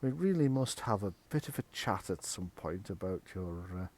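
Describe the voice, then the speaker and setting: Flustered, bossy mistress of a manor, as a man puts her on, brisk and exasperated, lively in pitch. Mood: fussing. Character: flustered mistress of the house, woman.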